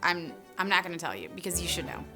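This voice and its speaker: An actress playing a tipsy, sulky co-host in a comedy sketch, with a slurred, pouty delivery. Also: female voice, fairly low pitch, very animated, fast talker, creaky, pushed and bright, soft background music, full character voice.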